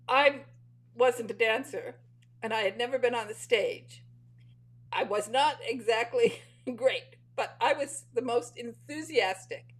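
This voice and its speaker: A woman's voice: on the high side, unhurried, poor audio. Chatty middle-aged woman host. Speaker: interview host. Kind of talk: casual interview chat.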